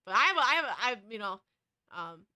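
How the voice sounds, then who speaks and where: Bright, high-voiced woman streamer. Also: big pitch swings, fast talker, clean tone, no room sound, studio quality. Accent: American West Coast. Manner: rambling, with frequent fillers and restarts. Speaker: VTuber streamer. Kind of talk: casual chat.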